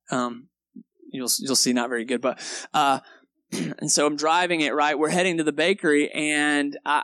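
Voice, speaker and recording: Animated storytelling pastor, dry close mic. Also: male voice, fairly high pitch, dry recording. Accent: Texan. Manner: animated storyteller, acts out moments, laughs at himself. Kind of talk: sermon with personal story. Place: church sanctuary.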